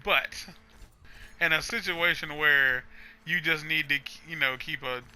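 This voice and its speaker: A man's voice: on the high side, unhurried, pushed and bright, clean tone. A man hosting a gaming channel, telling a rambling story full of swearing and asides while he plays. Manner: profane, rambling, many restarts and asides.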